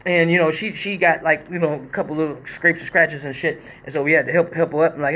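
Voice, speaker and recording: A man hosting a live show, telling a story in a casual, animated, profane way and acting out quotes and sound effects. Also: on the high side, quick pace, few pauses.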